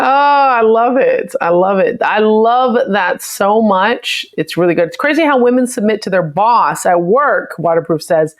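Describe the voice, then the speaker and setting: An American woman hosting a live stream, reading viewer comments aloud and reacting to them in a chatty, opinionated way. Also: lowish voice. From United States. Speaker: livestream host.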